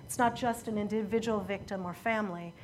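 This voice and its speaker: A woman preaching a sermon, telling a story in an earnest, measured way that often falls quiet at emotional moments. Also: medium pitch, a little hiss or hum.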